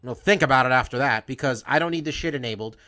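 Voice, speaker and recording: Male podcast host, fired up, profane, bright forceful tone, stumbles and restarts. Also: mid-range voice, quick pace. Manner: emphatic, profane, with many restarts. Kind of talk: heated podcast monologue.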